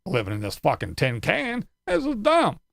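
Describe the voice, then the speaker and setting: High sing-song mockery, smug boastful guy, a man putting him on, dry close sound. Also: huge pitch swings, moderate pace, gravelly, fairly bright tone, dry recording, exaggerated voice. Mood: mocking smug.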